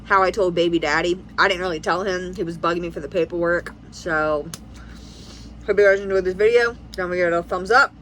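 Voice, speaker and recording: A woman's voice: fairly low pitch, fairly quick, a bit bright, slight background noise, low-quality recording. A young American woman in her twenties, a family vlogger, rambling through a casual storytime and acting out quoted dialogue. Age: 20s.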